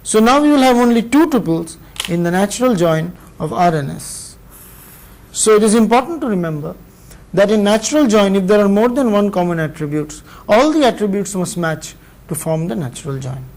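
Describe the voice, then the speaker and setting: Indian guy lecturing, kinda high voice, slow and careful, pauses a lot between bits. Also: lively intonation, darkish tone, poor audio. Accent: Indian English. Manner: measured, explanatory, pauses between phrases. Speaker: university lecturer. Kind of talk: recorded classroom lecture.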